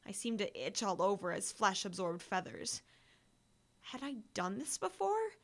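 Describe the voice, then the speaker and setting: A woman's voice: mid-range voice, very animated, unhurried. A woman reading a first-person story aloud, building to breathless urgency in the action. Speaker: audiobook narrator.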